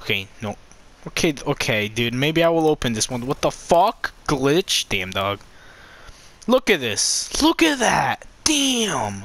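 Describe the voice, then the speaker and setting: A man commenting on his own gameplay, swearing a lot and swinging between loud outbursts and low muttering. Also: very animated, slow pace. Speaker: gamer.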